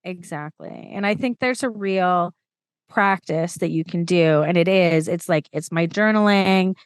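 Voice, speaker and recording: A woman storytelling coach chatting as a podcast guest, lively and enthusiastic with quick asides. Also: lowish voice, clean tone, dry recording. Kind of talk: casual conversation.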